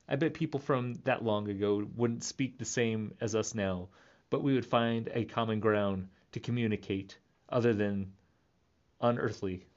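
A man's voice: mid-range voice, a little mellow, dull audio. A man in his thirties rambling playfully in a casual monologue, laughing often. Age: 30s. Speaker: vlogger.

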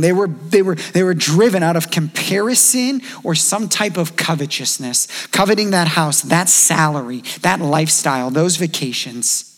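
Man in his thirties preaching, fairly high voice. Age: 30s. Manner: conversational preaching, acts out quoted voices. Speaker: pastor. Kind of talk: sermon.

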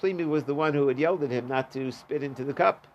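A man's voice: on the high side, quick pace, a little mellow, lo-fi sound. A man teaching a Talmud class, reading the Aramaic and translating it in a casual, chatty way. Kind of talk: daf yomi Talmud class.

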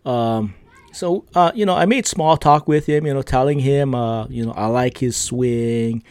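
A man's voice: medium pitch, unhurried, darkish tone, clear, resonant tone, no echo, studio quality. A man hosting a podcast, telling a casual story in a rambling way, with lots of fillers, tag questions and laughs between lines. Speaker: podcast host.

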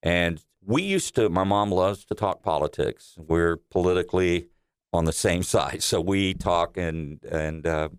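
A man's voice: low voice, unhurried, clean tone, no room sound, clean studio sound. A middle-aged man, a radio personality, telling family anecdotes as an interview guest, laughing often and acting out quotes. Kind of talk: casual storytelling.

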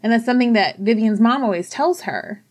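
A woman casually retelling a movie plot, animated and profane, acting out quotes along the way. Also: on the high side, a little fast. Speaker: podcast co-host. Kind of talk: casual chat.

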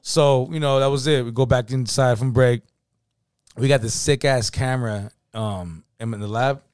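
A man with a Californian accent, telling an animated, slang-filled story in casual chat. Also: medium pitch, moderate pace, smooth, no room sound, clean studio sound. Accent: Californian English.

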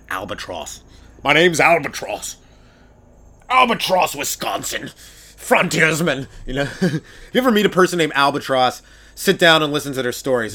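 This is a man from Canada with a medium-pitched voice, a comedian running a stand-up monologue on his own podcast. He swears liberally and breaks into loud, exaggerated impressions.

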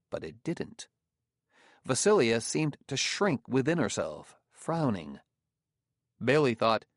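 A man narrating an audiobook in a steady, even storytelling manner. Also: lowish voice, gravelly, no room sound, studio quality. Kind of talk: scripted narration.

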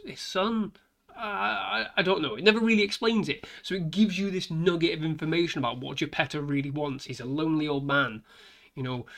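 A man's voice: a little high, fairly bright tone. Exasperated man ranting. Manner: exasperated, sighing, swearing rant. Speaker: film reviewer. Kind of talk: ranting film review.

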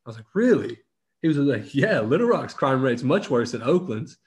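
A man's voice: medium pitch, lively intonation, fairly quick, a little mellow. Chatty man asking follow-up questions. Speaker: podcast co-host. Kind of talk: casual chat.

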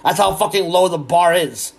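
A man's voice: sits high, moderate pace, vocal fry. A man in an angry, heavily profane solo rant. He is sarcastic and keeps repeating words as he restarts his sentences.

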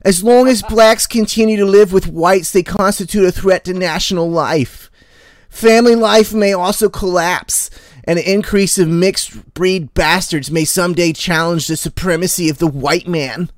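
A man putting on an impression of an older public figure with a Brooklyn accent, exaggerated and loud. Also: moderate pace, dry recording, lightly acted. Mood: mocking. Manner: loud, high, exaggerated delivery. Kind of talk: mock reading in a put-on voice.

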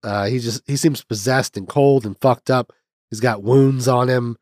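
A man hosting a podcast, giving a loose, profane recap of a film's plot. His pitch sits in an ordinary middle range, and he keeps breaking off to chuckle at his own asides. The recording is dry and close, with no room sound. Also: fairly even intonation, moderate pace, a little mellow, dry recording. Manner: rambling, profane, laughs at his own jokes. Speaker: podcast host recapping a film. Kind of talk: casual movie recap.

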